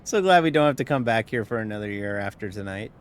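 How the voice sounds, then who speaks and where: Animated, wry man streaming a sim race. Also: fairly low pitch, fast, slight background noise. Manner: rambling and wry, with casual swearing. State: tired, yawning. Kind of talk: casual live-stream commentary while racing.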